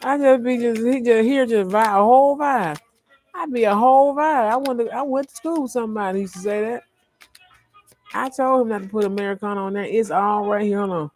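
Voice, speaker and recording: A man delivering a rambling, stream-of-consciousness spiritual monologue to his followers, often repeating himself. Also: high voice. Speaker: vlogger.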